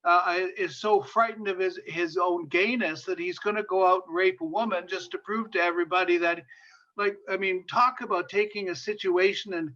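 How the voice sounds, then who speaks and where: A man lectures as a guest speaker in a high, bright voice, telling a story with rising passion. He repeats words for emphasis and often stops on fillers. The recording sounds dull and lo-fi. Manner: impassioned, repeats phrases for emphasis, many fillers. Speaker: guest speaker on sexuality and disability.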